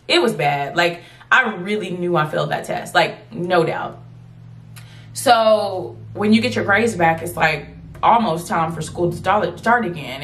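A woman in her late twenties telling a storytime vlog to her viewers, in a lively, chatty way that keeps calling out to them. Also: fairly low pitch. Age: 20s. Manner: animated, chatty, addresses viewers as y'all. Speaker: vlogger.

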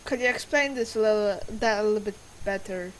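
A woman's voice: medium pitch, fairly quick, a little hiss or hum, poor audio. A teenage girl casually commenting on a spooky game she plays, with joking asides and read-out dialogue. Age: teens. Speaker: let's play gamer. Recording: game music playing loudly underneath.

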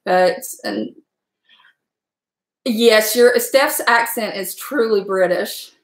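A woman's voice: fairly high pitch, echoey room. A middle-aged woman from Southwestern Virginia with a Southern accent, chatting casually with her livestream viewers and laughing often. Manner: chatty, rambling, quick to laugh. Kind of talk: casual chat.

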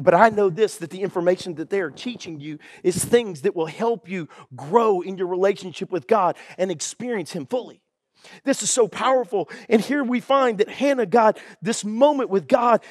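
A man's voice: very high voice, no echo. A man preaching a sermon as pastor, fervent and acting out quotes.

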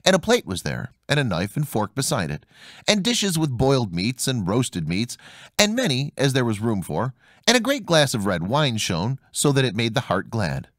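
Guy reading a grimm story out loud, animated, voice goes up and down a lot. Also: medium pitch, normal speed, no room sound, clean studio sound. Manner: expressive storytelling, voicing each character. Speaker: narrator. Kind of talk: audiobook fairy tale reading.

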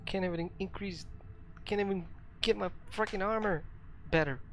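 A man's voice: sits high, moderate pace. A young man commenting casually on his own gameplay, mixing joking threats with frequent laughter. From Ukraine. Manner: playful mock-menacing trash talk, laughs often. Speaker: gaming channel host. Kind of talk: casual let's-play commentary. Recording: steady background noise.

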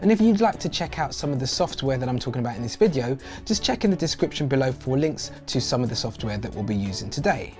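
Lively man explaining software. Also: mid-range voice, fast, hardly any pauses, soft background music. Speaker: host. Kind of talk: explanatory tutorial voice-over.

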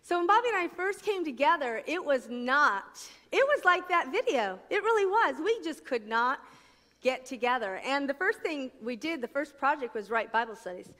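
On a conference stage at a faith event, a middle-aged woman from New Jersey gives a personal testimony with bright, crisp energy, acting out each voice she quotes. Her high, sing-song voice moves at a moderate pace, and she speaks like a practiced speaker. The echoey hall leaves a long reverb trailing her words.

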